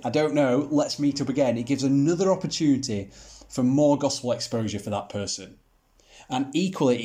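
A man's voice: medium pitch, warm tone. Man teaching with rhetorical questions. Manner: rhetorical questions, mildly sarcastic humor. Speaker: Bible teacher. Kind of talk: scripted teaching talk.

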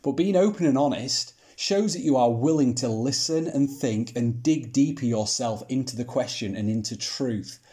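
A man's voice: mid-range voice, normal speed, hardly any pauses, dark tone. A man giving a Bible teaching talk, asking rhetorical questions and using mildly sarcastic humor.

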